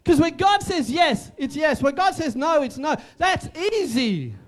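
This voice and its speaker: A man's voice: very high voice, big pitch swings, measured pace. A man preaching a sermon as pastor, emphatic and repetitive, with joking asides.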